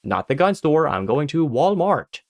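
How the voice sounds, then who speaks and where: A man putting on a bland, stereotypical American everyman with a slow, earnest, mock-proud delivery. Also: fairly high pitch, sing-song, dry recording, voice pushed up.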